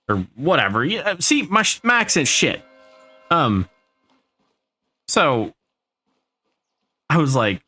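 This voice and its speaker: A man's voice: lowish voice, very animated, takes it slowly, long pauses, pushed and bright. An American man chatting casually on a live stream while playing a game, rambling through an anecdote and swearing freely. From United States.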